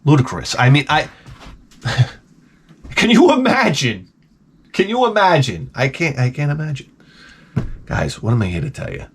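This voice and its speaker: A man's voice: fairly high pitch, moderate pace, long pauses, a little hiss or hum. A man, telling a profane, rambling story in a casual vlog. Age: 40s. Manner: animated, profane, repeats himself. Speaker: vlogger.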